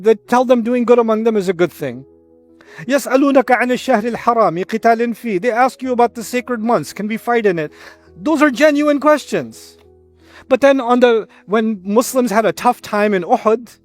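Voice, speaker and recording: A man with a high voice teaches a Quran lesson, explaining Arabic wording with classroom examples. He is animated and acts out the people he quotes. Faint music plays under his voice. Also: dry recording.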